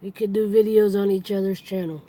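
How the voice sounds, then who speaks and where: A woman's voice: mid-range voice, level tone, brisk, mellow, poor audio. A woman hosting a casual live stream, chatty, greeting and thanking her viewers as they come in.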